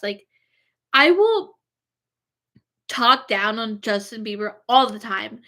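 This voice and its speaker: A woman's voice: fairly high pitch, a bit bright. A woman vlogger chatting casually and rambling, with lots of fillers. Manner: gushing, filler-heavy, rambling. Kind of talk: casual chat.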